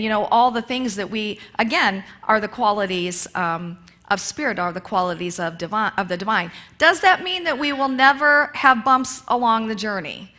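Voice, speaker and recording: Woman minister, sermon delivery, fairly high and bright tone, conversational with repeated phrases. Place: church sanctuary.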